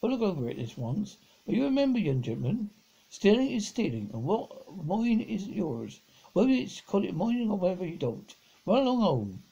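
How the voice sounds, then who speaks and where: Man reading as a high, lively old station master in a storybook reading, gravelly, stern but fatherly. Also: dull audio, full character voice. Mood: stern, kindly. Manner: slow, lecturing, fatherly.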